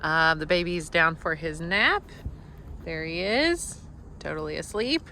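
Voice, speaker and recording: A woman's voice: low voice, lively intonation, unhurried, vocal fry, pushed and bright, slight background noise. A young woman vlogging about her reading to camera in a casual, chatty way, tired and self-deprecating with light laughs. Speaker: book vlogger.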